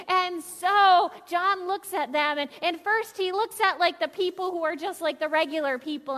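A woman pastor giving a lively, playful sermon and getting the congregation to shout lines back with her. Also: very high voice, normal speed, few pauses. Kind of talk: children's sermon. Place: church sanctuary. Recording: long church reverb.

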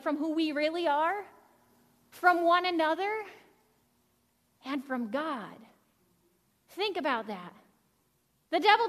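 A woman pastor preaching a sermon with energetic, earnest delivery and quick restarts. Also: extremely high pitch. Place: church sanctuary. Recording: long reverb of a church hall.

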